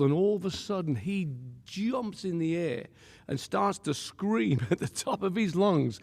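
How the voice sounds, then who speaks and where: Gravelly male pastor guest, a bit higher pitch, lively storyteller who laughs and acts out quotes, reverberant room. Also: measured pace. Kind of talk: animated storytelling.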